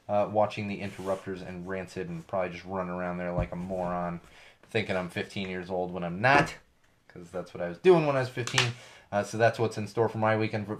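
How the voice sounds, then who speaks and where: Chatty podcast host losing his voice. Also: medium pitch. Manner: rambling, chatty, self-correcting asides. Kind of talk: casual solo podcast talk. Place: studio.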